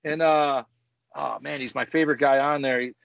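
A man, a former wrestler, telling profane, animated stories in casual podcast chat. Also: medium pitch, normal speed, creaky, dry recording. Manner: profane, animated storyteller acting out moves. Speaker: retired pro wrestler, podcast host.

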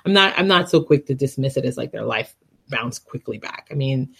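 A woman's voice: a bass voice, lively intonation, a little fast, gravelly, fairly bright tone, breathy edge. A woman co-hosting a podcast, talking in a thoughtful, hedging way with easy laughter. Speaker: podcast co-host. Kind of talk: casual chat.

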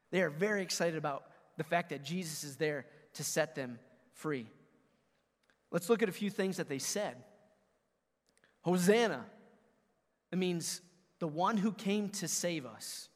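Pastor delivering a sermon, man with a high voice, booming then hushed, heard in a reverberant sanctuary. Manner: preaching with big swings from booming to hushed; talks directly to the congregation.

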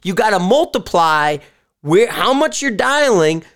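A man hosts a podcast in an unscripted, rambling monologue. He swears freely and tells his stories with animation, and his pitch swoops widely between high and low. It comes across as casual talk into a live streaming mic. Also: measured pace. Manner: profane, animated storyteller. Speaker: podcast host.

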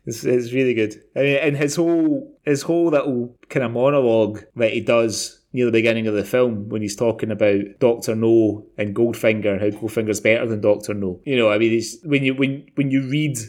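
A man's voice: mid-range voice, steady tone, brisk, few pauses, a little mellow. A man co-hosting a film podcast, talking casually and rambling with many restarts. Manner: rambling, frequent restarts and laughs. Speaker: podcast co-host.

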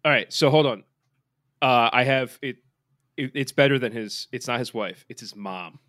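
A man's voice: mid-range voice, moderate pace, fairly bright tone, dry recording. Rambling male podcast co-host, dry sound. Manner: rambling, many fillers and restarts. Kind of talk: casual sports chat.

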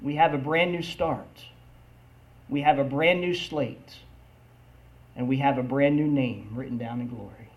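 A man preaching a sermon, reading scripture aloud and asking the congregation "Amen?" between slow, emphatic lines. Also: medium pitch, highs cut off.

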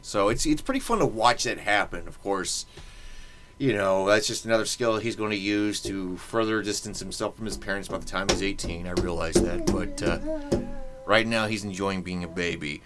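A man's voice: fairly low pitch, moderate pace, music in the background. A man hosting a podcast in casual chat, rambling and joking with many fillers. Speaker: podcast host.

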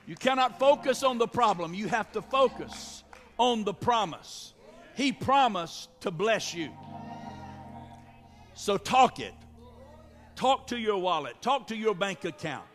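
High-voiced preacher in a reverberant hall. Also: male voice, expressive, unhurried, long pauses, a bit bright, soft background music. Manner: preaching with call-and-response, repetitive exhortations. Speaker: pastor. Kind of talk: sermon. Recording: long reverb of a large hall.

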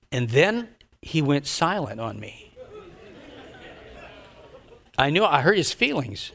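An older man, a pastor, telling a story in a sermon with animated, dramatic delivery and sudden loud outbursts. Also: on the high side, slow, gravelly, long pauses, a faint crowd.

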